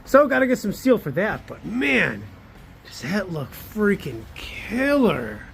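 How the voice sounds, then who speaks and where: Lively, enthusiastic man in a workshop vlog. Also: high voice, slow pace, creaky, a little hiss or hum. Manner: enthusiastic, thinking aloud while working, casual slang. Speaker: car builder. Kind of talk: casual workshop vlog narration.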